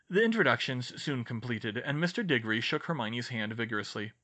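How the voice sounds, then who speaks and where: A man narrating a fan-fiction audiobook in a clear, steady storytelling manner. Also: mid-range voice, moderate pace.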